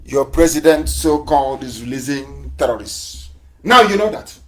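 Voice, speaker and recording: A man's voice: mid-range voice, expressive, moderate pace. A man giving a fiery live broadcast address as a movement leader, full of repetition and rhetorical questions. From southeastern Nigeria.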